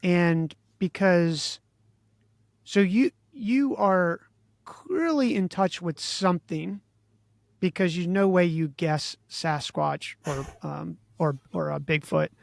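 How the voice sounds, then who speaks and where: A man from Maryland hosting an interview, thinking aloud in a halting, musing way with many restarts. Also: high-pitched, creaky, no echo, clean studio sound. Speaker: podcast host. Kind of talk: casual interview chat.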